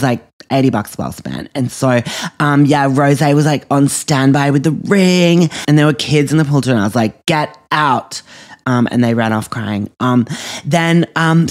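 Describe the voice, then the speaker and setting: A man performs a vain, self-absorbed young woman who gushes through a comic monologue. She pads every line with "like" and "um" in a middle-pitched voice, and she treats her own life as the grandest drama around. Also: natural voice. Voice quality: filler-heavy, constant "like" and "um". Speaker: comedy podcast character.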